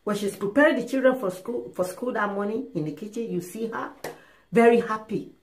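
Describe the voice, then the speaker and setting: A woman giving relationship and sex advice in a casual monologue, emphatic and animated, acting out little dialogues. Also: fairly high pitch, fairly quick. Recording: roomy echo.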